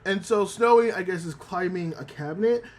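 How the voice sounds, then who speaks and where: Live on stream, a man chats casually with his viewers and walks them through an anime episode, repeatedly starting over and dropping some swear words. His high voice moves at a moderate pace.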